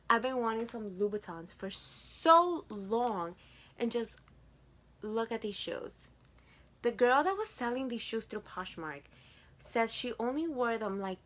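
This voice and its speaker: Young woman vlogger with a Spanish accent, gushing, slow talker with a bright, pushing voice. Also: mid-range voice. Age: 20s. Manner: chatty, gushing, repeats words for emphasis. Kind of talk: casual haul chat to camera.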